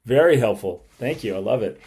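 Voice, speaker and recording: Mellow-voiced man asking halting questions. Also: mid-range voice, animated. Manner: brief encouraging backchannels, halting questions. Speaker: podcast guest, tech entrepreneur. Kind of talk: casual interview chat.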